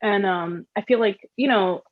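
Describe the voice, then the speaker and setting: A woman interviewing a guest in casual conversation, chatty and lively, with many "like" fillers. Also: mid-range voice, a little slow, no echo, phone-quality sound.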